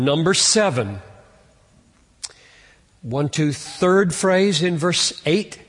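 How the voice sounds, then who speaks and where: A man preaching an expository sermon, earnest, building to emphatic peaks and then dropping low. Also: slow, pauses often, fairly bright tone, big-room sound. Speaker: pastor.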